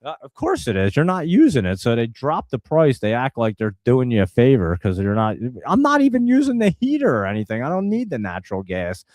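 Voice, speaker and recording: A man's voice: mid-range voice, huge pitch swings, a little fast, hardly any pauses, darkish tone, no room sound, studio quality. A man from New Jersey hosting a live stock market stream, talking casually and rambling in an exasperated way to his viewers. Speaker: stock market show host.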